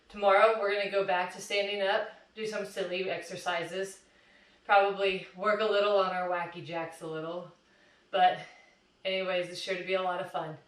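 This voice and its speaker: A woman's voice: mid-range voice, a bit bright. A woman fitness instructor coaching a plank workout, encouraging and counting down reps while out of breath. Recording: echoey room, far from mic.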